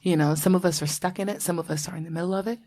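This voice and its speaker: A woman's voice: on the low side, fairly even intonation, racing, dark tone. A woman in her thirties from Florida, hosting a casual podcast chat, bubbly and laughing often, swearing freely. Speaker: podcast host.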